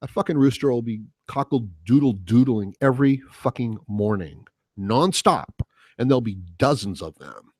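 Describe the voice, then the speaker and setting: A man's voice: mid-range voice, animated, normal speed, darkish tone, breathy edge, no room sound, clean studio sound. A man hosting a solo podcast, ranting casually in a rambling, profane way with lots of fillers. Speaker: podcast host.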